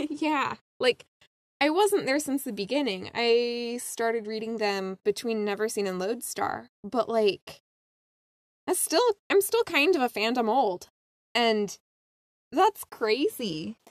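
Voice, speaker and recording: A young woman in casual fan chat, excitable, laughing often and tossing in quick asides. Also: a little high, no room sound, clean studio sound.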